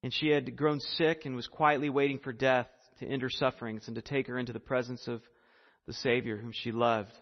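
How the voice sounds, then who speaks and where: A man's voice: medium pitch, little pitch movement, fairly quick. A man preaching a sermon as a pastor, earnest and emphatic, who speaks to his congregation and leads them in prayer. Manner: earnest, building to emphasis, then hushed prayer. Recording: dull recording with long hall reverb.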